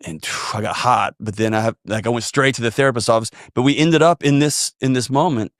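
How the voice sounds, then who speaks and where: A man with a drawl telling a personal story on a podcast in an earnest, animated way. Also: mid-range voice, brisk, dry recording, clean studio sound. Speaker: podcast guest. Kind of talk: storytelling conversation.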